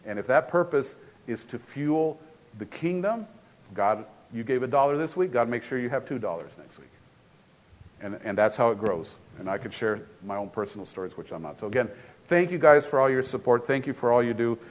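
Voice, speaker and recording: A man's voice: mid-range voice, expressive, a little fast. A man preaching a sermon in a church in a casual, conversational way, often repeating and restarting phrases. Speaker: pastor.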